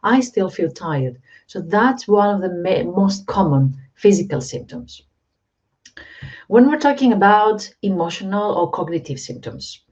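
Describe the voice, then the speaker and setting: A woman hosting a mental health channel, calmly explaining to camera and asking the viewer direct questions. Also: medium pitch. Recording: dull lo-fi recording.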